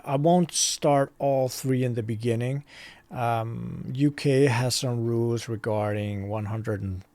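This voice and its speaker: A man's voice: medium pitch, darkish tone, no echo. A man from Denmark, a shop owner talking to his viewers in a candid, rambling, self-deprecating vlog from his warehouse. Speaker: online hobby shop owner. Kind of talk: casual vlog talk to viewers.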